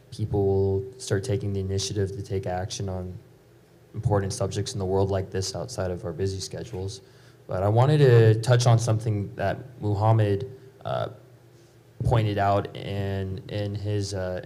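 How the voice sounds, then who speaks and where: Low monotone guy in the audience, long hesitant question with lots of uh's. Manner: long-winded, hesitant with fillers. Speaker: audience member asking a question. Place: law school auditorium.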